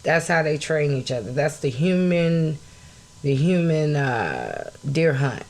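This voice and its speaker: An outraged woman hosting a solo podcast, her voice climbing from low, steady talk to loud shouting. She speaks bluntly, swears often and stops to greet her viewers. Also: slow pace. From United States. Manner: greets live chat viewers mid-talk. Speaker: podcast host.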